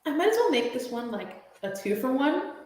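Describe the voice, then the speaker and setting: A woman's voice: high-pitched, big pitch swings, fairly quick, a little mellow. A young woman guest chatting casually and enthusiastically, often giggling. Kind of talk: casual chat. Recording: very echoey room, faint noise.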